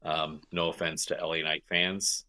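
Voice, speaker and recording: A man's voice: very deep voice, flat delivery, normal speed, pushed and bright. A man co-hosting a podcast in casual chat, talking emphatically and repeating phrases to stress them. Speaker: podcast co-host.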